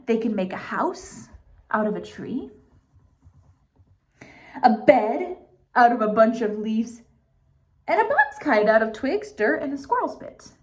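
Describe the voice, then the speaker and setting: Lively, unhurried woman reading a storybook. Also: on the high side. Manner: playful, with asides to young listeners. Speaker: children's book reader. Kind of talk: picture book read-aloud.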